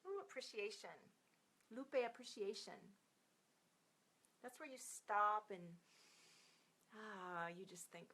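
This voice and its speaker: Woman card reader on a live stream, chatty, soft near-whispers, sings names, mid pitch. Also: takes it slowly, long pauses.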